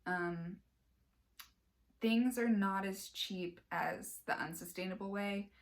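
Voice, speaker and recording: A woman's voice: medium pitch, takes it slowly. A young woman from Sacramento, California, chatting casually through a shopping haul vlog, rambling with lots of fillers and "like". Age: young adult. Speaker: vlogger.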